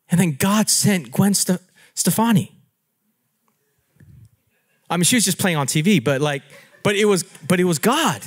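A man preaching as a pastor, telling stories in an animated, playful way and laughing at himself. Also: high-pitched, unhurried, long pauses, breathy edge. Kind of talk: storytelling sermon.

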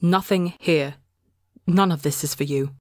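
Woman doing a male forest god, weary, lonely, quiet, low-pitched, dry storybook reading. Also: unhurried, dry recording. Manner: quiet, exhausted, croaking.

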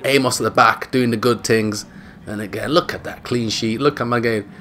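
A man giving casual, jokey commentary over his own football video game, loud and excitable at big moments. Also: medium pitch, normal speed. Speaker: gaming YouTuber.

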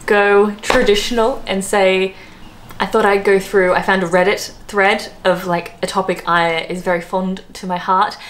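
A woman's voice: mid-range voice, fairly bright tone. A young Australian woman chatting casually to camera as a vlogger, laughing often and drifting into asides.

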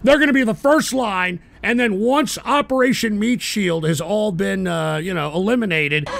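A man hosting a live stream, yelling and swearing at his audience in an angry political rant on a close mic. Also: high voice, normal speed, vocal fry, no echo. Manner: shouting, swearing, berating his chat. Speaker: host of a live call-in stream show.

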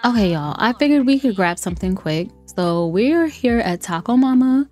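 A woman with a slightly high, warm, animated voice speaks at a moderate pace. She's a gameplay streamer whose casual let's-play commentary teases characters, speaks right to viewers, and brims with laughter, backed by faint lo-fi music.

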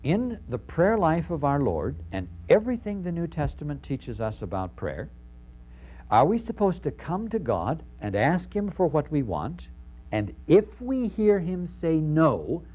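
A man's voice: a little high, low-quality recording. A man giving a lecture on the parables, emphatic and posing rhetorical questions to his audience. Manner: animated, acting out quoted speech. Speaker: lecturer on New Testament parables.

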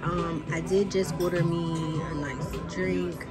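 A young woman vlogging in casual, slangy chat, talking into her phone, nervous and excited. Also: fairly low pitch, slow pace. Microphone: phone held by hand. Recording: music playing behind.

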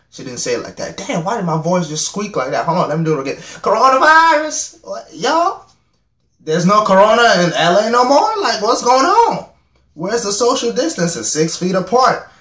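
A man's voice: high voice, very animated, brisk, a bit bright, reverberant. A young man reacting to a music video, chatting in a rambling, self-mocking way and laughing at himself often. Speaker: reaction vlogger. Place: home room.

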